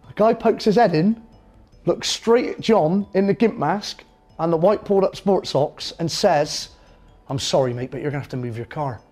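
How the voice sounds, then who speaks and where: A man telling a comic anecdote in a lively, self-amused way. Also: sits high. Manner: animated, self-amused storytelling. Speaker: comedian.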